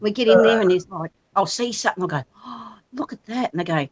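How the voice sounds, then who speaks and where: A woman's voice: medium pitch, fast talker, few pauses, fairly bright tone. A woman in her fifties telling playful stories in casual chat, acting out her family's lines. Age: 50s.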